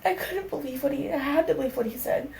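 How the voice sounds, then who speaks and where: A young woman tells a personal story in a candid, raw way, swearing casually. Her slightly high voice has a gravelly fry. She is recorded in an echoey room with a faint hum behind her. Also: fast, a little mellow. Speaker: podcast guest.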